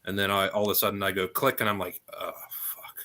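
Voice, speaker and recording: A blunt, joking man chatting on a live stream, his voice lowish but bright. He swears casually and talks shop. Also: level tone, rapid-fire. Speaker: co-host and tradesman.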